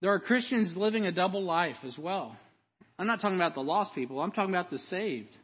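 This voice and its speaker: A man preaching with a high, ringing voice and plenty of fervor. He swings between hushed storytelling and loud, driving emphasis. The sound is dull and carries a long hall echo. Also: lively intonation, fairly quick, breathy edge. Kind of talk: sermon.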